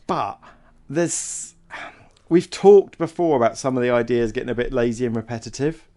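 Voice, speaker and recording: A man's voice: medium pitch, normal speed, warm tone. A man co-hosting a film podcast in casual chat, musing aloud, hesitant, often trailing off and restarting. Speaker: podcast co-host.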